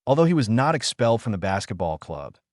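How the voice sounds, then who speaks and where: Lively low-voiced male audiobook narrator. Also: quick pace, dry recording, clean studio sound. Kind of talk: flat read-aloud novel narration.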